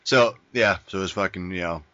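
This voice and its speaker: A man's voice: low-pitched, a little fast, bright, forceful tone, dry recording. A man telling a long, profane, rambling story in casual chat on a podcast, saying dude a lot. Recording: dull lo-fi sound.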